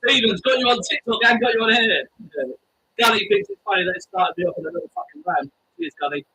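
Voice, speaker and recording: A man's voice: very high voice, expressive, fast talker, vocal fry, sharp tone, a little hiss or hum, low-quality recording. A man hosting a live stream, chatting to his viewers in a rambling, sweary way with stammered restarts. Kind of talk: casual live-stream chat.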